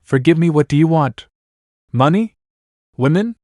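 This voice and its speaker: Guy putting on a scared rich tycoon, pleading, voice climbing higher, dry sound. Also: expressive, a little slow, darkish tone, no echo. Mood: begging. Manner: pleading, rising in pitch. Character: cowering greedy male tycoon begging.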